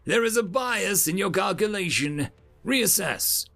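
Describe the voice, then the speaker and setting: A man's voice: high voice, animated, measured pace, creaky, pushed and bright, faint music behind, voice pushed up, exaggerated voice. A man voicing a small, stern male alien instructor who gives clipped, commanding questions. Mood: probing.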